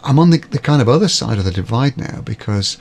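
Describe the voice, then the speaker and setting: Man, from Britain, podcast guest, gravelly and husky, lively pitch, stammering restarts. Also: fast talker. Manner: animated, stammers and repeats words when starting. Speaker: guest, business coach. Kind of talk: podcast conversation.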